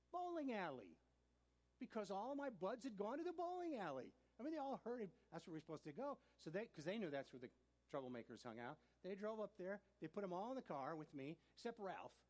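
A man preaching, telling a personal story in a sermon, animated and often laughing as he talks. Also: on the high side.

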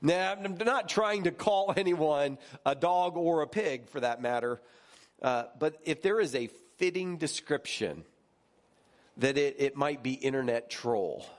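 A man who is a pastor, giving a conversational sermon in a lively, chatty way and often checking in with his listeners. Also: measured pace. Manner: lively, jumps higher when recounting stories.

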